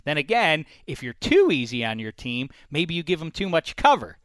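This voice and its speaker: A man hosting a casual sports debate, animated and opinionated, breaking into mocking impressions of fans. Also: fairly high pitch, normal speed, dry recording. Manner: animated, puts on mock fan voices. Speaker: sports talk host.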